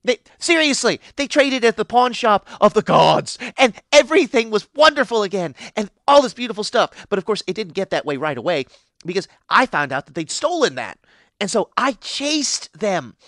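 A man voicing an ancient, cheerfully unhinged pixie in a fan animation, rambling with sudden high squeals. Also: sing-song, normal speed, fairly bright tone, dry recording, full character voice. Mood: giddy rambling. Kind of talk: character monologue for fan animation.

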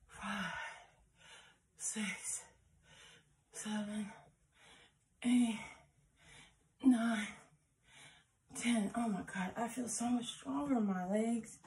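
A woman's voice: fairly high pitch, dark tone, slight background noise, poor audio. A woman doing a casual workout vlog at home, counting squats aloud and cheering her viewers on while out of breath. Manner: encouraging, chatty, counts reps aloud. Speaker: fitness vlogger.

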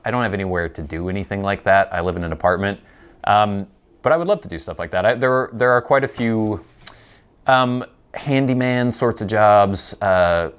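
Man, host, casual rambling chat, self-deprecating, lowish voice. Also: a bit bright. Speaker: host of a pipe-smoking show. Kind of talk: casual chat answering viewer questions.

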